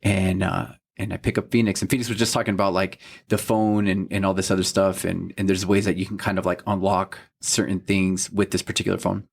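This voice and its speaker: A low, creaky voice with little pitch movement comes from a man in his thirties who co-hosts a faith podcast, talking fairly quickly with few pauses. In casual, heartfelt fashion he tells a story about his son, quoting what everyone said and peppering it with "you know what I mean."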